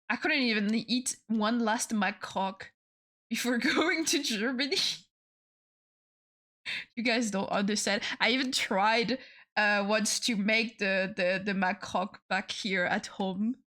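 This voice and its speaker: Swearing French woman, casual streamer chat. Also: a little high. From France. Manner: swears freely and laughs often, repeats herself when excited.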